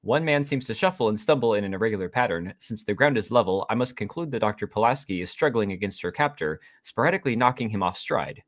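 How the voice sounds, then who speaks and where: A man reading the part of an android playing a prim Victorian-style detective, clipped and precise as he lays out his deductions. The pitch swings widely as he reads. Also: animated, fast, hardly any pauses, close to an everyday voice. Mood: deducing. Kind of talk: live table read.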